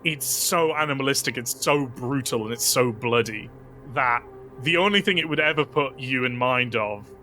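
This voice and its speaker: A man narrates a tabletop role-playing game as its game master in a tense, bright voice. He describes brutal scenes vividly and keeps it loose, with casual fillers between the grisly details. The faint music behind him hangs softly under his narration. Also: medium pitch, moderate pace.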